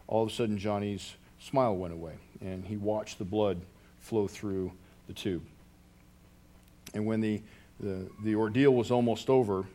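Earnest low-voiced man preaching a sermon. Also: darkish tone. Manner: earnest storytelling preacher with frequent restarts. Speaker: pastor.

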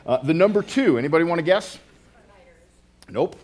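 A man's voice: on the high side, animated, normal speed, darkish tone. Man, middle-aged, pastor, informal sermon, rambling restarts, joking asides. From United States. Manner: rambling, self-interrupting, with joking asides to the congregation. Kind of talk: casual conversational sermon.

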